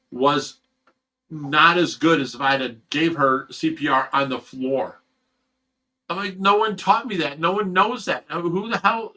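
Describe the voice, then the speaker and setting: A man's voice: fairly high pitch, sharp tone, poor audio. Emotional middle-aged man telling a story. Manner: emotional, rambling, swears freely. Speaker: fish rescue owner. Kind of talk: casual personal storytelling.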